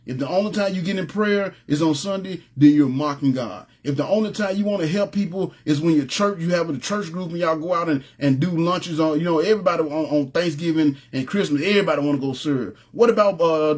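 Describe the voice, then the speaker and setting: A man preaching an informal sermon, telling stories in a relaxed, streetwise way and often asking "you know what I'm saying". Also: fairly high pitch. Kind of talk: conversational sermon with storytelling.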